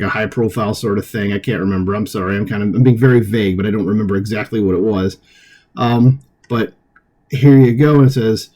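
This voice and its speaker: A man with a mellow, dark voice hosts a political commentary show. He reads an article aloud and keeps stepping away from it for loose, conversational asides. His delivery is casual, full of fillers and small chuckles. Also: medium pitch.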